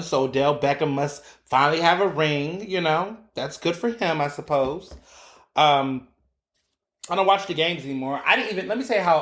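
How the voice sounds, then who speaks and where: A man hosting his own podcast, giving casual, animated solo commentary with profanity and acted-out quotes. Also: a little high. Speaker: podcast host. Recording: roomy echo.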